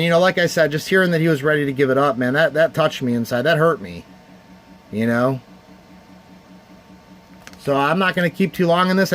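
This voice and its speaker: A man's voice: a little high, fairly bright tone, slight background noise. A man from the Cleveland area hosting a casual livestream charity card auction, heartfelt and rambling as he thanks viewers by name. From Cleveland area, United States.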